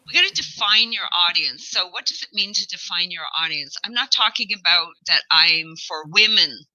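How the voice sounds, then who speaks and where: A woman guest coach in casual chat, animated and joking, rambling through her points. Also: on the low side, moderate pace, poor audio.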